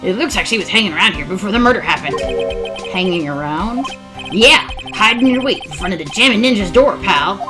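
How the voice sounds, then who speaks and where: A woman voicing a gruff, bumbling male police detective. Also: medium pitch, animated, a little fast, voice pushed down, lightly acted. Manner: gruff, drops "pal" often. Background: game music.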